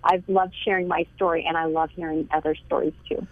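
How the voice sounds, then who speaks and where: A woman's voice: deep voice, flat delivery, a little fast. A woman author being interviewed, telling heartfelt stories earnestly and laughing lightly now and then. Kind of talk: phone interview. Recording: tinny dry phone line.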